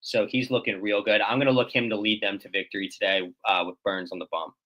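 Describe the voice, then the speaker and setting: A man's voice: fairly low pitch, steady tone, fast, dull audio. A man co-hosting a morning baseball show, reeling off player stats in easygoing banter. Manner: reads stats, laid-back banter. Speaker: co-host. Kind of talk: casual sports talk.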